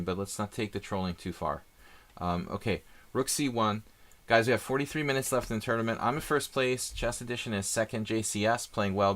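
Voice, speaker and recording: A man's voice: fairly low pitch, a bit bright. A man doing live chess stream commentary, chatty and thinking aloud with rambling asides.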